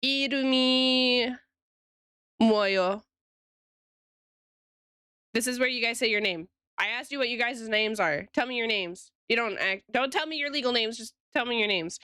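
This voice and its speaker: A woman's voice: a little high, a little slow, pauses often, pushed and bright, smooth, dry recording, clean studio sound. A woman streamer chatting casually with her viewers while she draws, giggling often and talking straight to chat.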